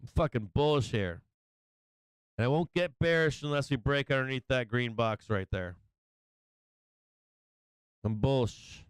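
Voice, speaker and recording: A man runs a live stock-market stream, excitable and foul-mouthed, saying the same point over and over. His voice is very clean and crisp. The recording is dry and close, with no room sound. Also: mid-range voice, unhurried, pauses often, no echo, poor audio. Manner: excitable, profane, repeats himself. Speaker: livestream market commentator. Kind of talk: casual live trading commentary.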